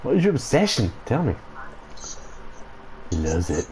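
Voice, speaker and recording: A man streaming a video game, giving casual commentary, excitable and sweary, breaking into loud laughs and whoops. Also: mid-range voice, measured pace, a little hiss or hum, poor audio. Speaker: gaming streamer.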